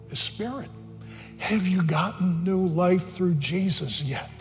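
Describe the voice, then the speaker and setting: A high-pitched male pastor preaching an earnest sermon, his voice climbing as he presses each point. The sound rings with a long reverb in a large hall, with faint music underneath. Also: slow. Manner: earnest, rising in pitch and force for emphasis.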